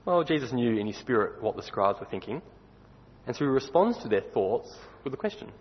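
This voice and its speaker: Husky man preaching in a hall. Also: mid-range voice, sing-song, a little fast. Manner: conversational, asks the listeners questions. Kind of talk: sermon. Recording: dull recording with long hall reverb.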